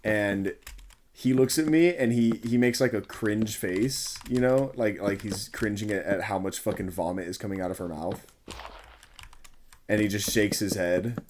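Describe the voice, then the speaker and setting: A man's voice: fairly low pitch, unhurried, darkish tone, a little hiss or hum. Exasperated young man with a profane storytime ramble. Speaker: store worker telling a story. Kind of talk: casual storytime.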